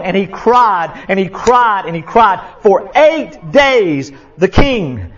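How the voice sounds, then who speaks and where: A male pastor preaching a sermon, impassioned and repetitive, swinging from loud to hushed. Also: sits high, sing-song, slow pace. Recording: dull lo-fi sound.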